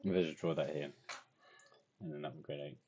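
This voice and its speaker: A man's voice: very deep voice, steady tone, brisk, mellow, husky, muffled recording. A tired young man, rambling and self-deprecating as he talks through his drawing in a casual video diary. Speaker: vlogger.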